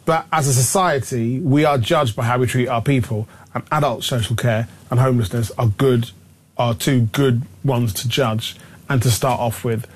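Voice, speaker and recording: A man's voice: medium pitch, steady tone, normal speed, breathy edge. A man in a radio studio giving his view as a political commentator, earnest and chatty. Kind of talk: radio studio guest discussion.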